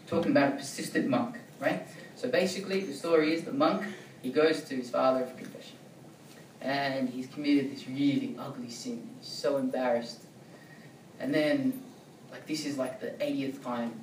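A man's voice: mid-range voice, slight background noise. A man giving a sermon in a conversational way, often checking in with "right?". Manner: conversational, keeps asking "right?". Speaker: preacher. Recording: echoey room, distant mic.

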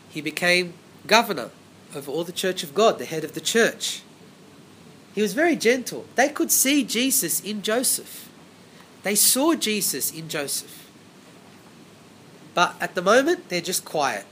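A man's voice: high-pitched, a bit bright, slight background noise. A man preaching a Bible sermon, emphatic, repeating phrases and asking rhetorical questions.

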